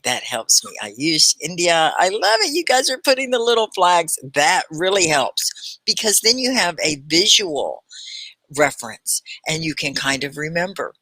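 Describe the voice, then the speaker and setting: A woman hosting a live online English class, greeting students warmly and praising them. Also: deep voice, no echo. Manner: effusive, praising and welcoming; talks slowly at points for learners. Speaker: English teacher hosting a livestream.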